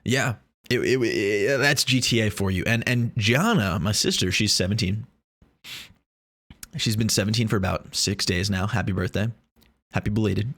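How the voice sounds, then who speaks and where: A man's voice: on the low side, normal speed, a bit bright. A man vlogging in a casual, rambling way, joking and swearing as he talks to the camera. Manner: rambling, joking, profane, many restarts.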